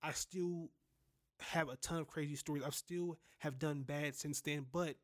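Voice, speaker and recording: A young man with a slightly higher voice tells his own story straight out, no polish. He swears freely and circles back on himself with restarts as he goes. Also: fairly even intonation, unhurried. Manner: raw, blunt, profane, with many restarts. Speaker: podcast host. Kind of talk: candid personal storytelling.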